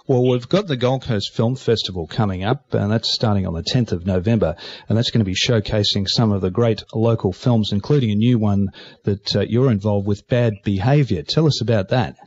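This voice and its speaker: A man hosting a radio interview, asking questions in a polite, measured way. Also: on the low side, darkish tone, slightly rough, no room sound. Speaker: radio host. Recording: dull lo-fi radio sound.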